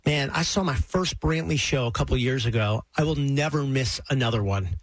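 A man's voice: medium pitch, normal speed, dry recording. A man hosting a morning radio show, chatty and upbeat, laughing often from a studio microphone.

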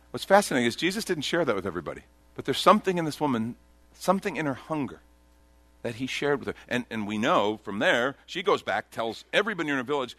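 A man preaching a sermon, his voice lively and swinging through a wide range of pitch. His tone is bright and forward, and he acts out the Bible figures as he tells the story. The sound is dry and close, with no room echo. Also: quick pace. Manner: animated storytelling, voicing Bible characters in quotes. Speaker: pastor.

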